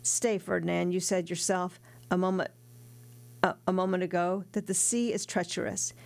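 A woman voicing a determined young woman in love, in an earnest, steady read. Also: on the low side, normal speed, creaky. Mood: pleading.

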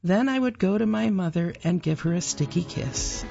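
A woman narrating an audiobook in a measured, even storytelling manner. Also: lowish voice, creaky, muffled recording, over loud music. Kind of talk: scripted narration.

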